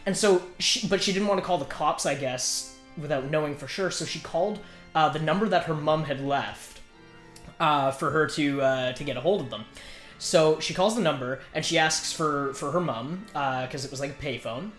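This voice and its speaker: A man's voice: fairly high pitch, normal speed, fairly bright tone, echoey room, soft background music. A man telling a family ghost story in a loose, rambling way, full of fillers and restarts. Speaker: storyteller in a group chat. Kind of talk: casual storytelling. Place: indoors, a hot room.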